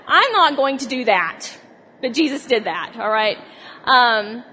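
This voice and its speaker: A woman preaching a sermon in a chatty, animated way, asking her congregation questions. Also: a little high, a little slow, slight background noise. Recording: long hall reverb.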